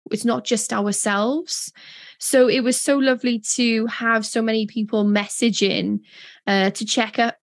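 A woman's voice: a little high, dry recording, studio quality. A woman co-hosting a casual chat podcast, talking in an emotional, heartfelt and rambling way. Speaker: podcast co-host.

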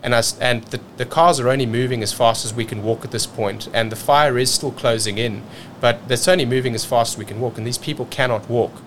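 A man from South Africa telling a story as a podcast guest, energetic and repeating words as he rushes on. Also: mid-range voice, slight background noise. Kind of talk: casual storytelling.

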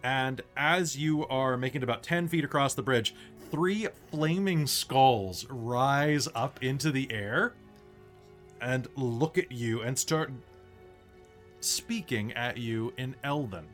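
A young man narrating as game master of a tabletop game, relaxed and rambling with self-mocking asides. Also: medium pitch, slow pace, faint music behind.

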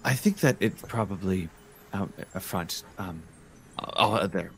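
A man playing a tabletop game, halting and joking as he decides his moves. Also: low-pitched, slight background noise. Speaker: player.

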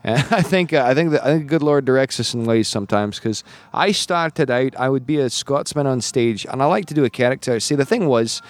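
A man's voice: mid-range voice, brisk, few pauses, dry recording. A male comedian from the United States, telling stories in a casual interview and acting out the voices of people he quotes. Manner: lively storyteller who acts out quoted voices. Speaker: comedian guest. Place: comedy club showroom.

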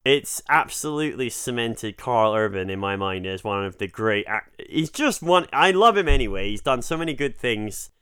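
Jokey Scottish man, smooth dry voice. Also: medium pitch, lively intonation, moderate pace, hardly any pauses, fairly bright tone, no room sound. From Scotland. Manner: jokey, swears freely, laughs often. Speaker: podcast co-host. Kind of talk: casual chat.

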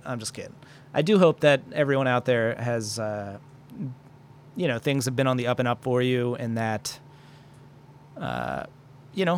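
A man's voice: medium pitch, slight background noise. A young man hosting a solo podcast, rambling and swearing into a microphone, joking at his own expense as he vents. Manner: rambling, profane, self-deprecating. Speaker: podcast host. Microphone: studio microphone.

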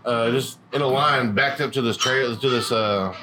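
A man's voice: medium pitch, moderate pace. A man telling a story in a casual chat, laid-back and rambling. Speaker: podcast co-host. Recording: music behind.

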